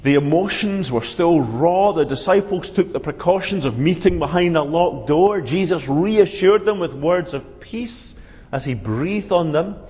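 A man preaching a sermon, telling the Easter story in an earnest, measured way. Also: a little high, expressive, darkish tone. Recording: dull, reverberant hall sound.

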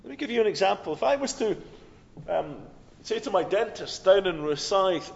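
A man preaching a sermon, telling stories with swings from loud, urgent passages to hushed ones. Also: sits high, expressive, moderate pace, gravelly. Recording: long hall reverb, dull lo-fi sound.

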